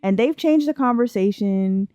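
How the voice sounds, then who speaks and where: A woman's voice: mid-range voice, expressive, moderate pace, mellow, dry recording. A young woman giving chatty, playful commentary while playing a life-simulation game. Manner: chatty, playful, laughs often. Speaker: let's play host. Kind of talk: casual gameplay commentary.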